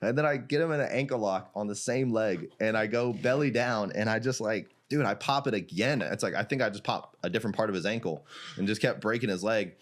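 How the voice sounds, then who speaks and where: A young adult man from Iraq, a jiu-jitsu gym founder, telling a story as a podcast guest in a casual chat, animated and laughing often, with many "like"s. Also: fairly low pitch, fairly quick.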